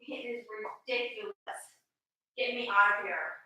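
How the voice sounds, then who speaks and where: A woman's voice: mid-range voice, unhurried, pushed and bright, slight background noise. A woman hosting a casual tarot livestream, frustrated and muttering to herself, sometimes swearing, then reading viewers' questions. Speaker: tarot reader and livestream host. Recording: echoey room.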